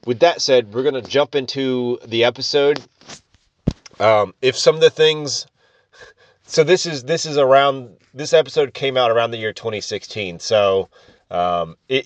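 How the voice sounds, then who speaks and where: A man's voice: medium pitch, no room sound. A man hosting a podcast in a casual, rambling way, with lots of fillers and restarts and crude jokes. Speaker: podcast host. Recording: muffled lo-fi podcast audio.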